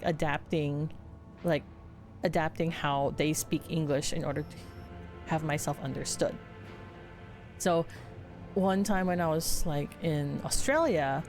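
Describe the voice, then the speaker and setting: A woman from the Philippines chatting casually as a streamer, rambling with restarts and laughs. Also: low-pitched. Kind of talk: casual chat while gaming.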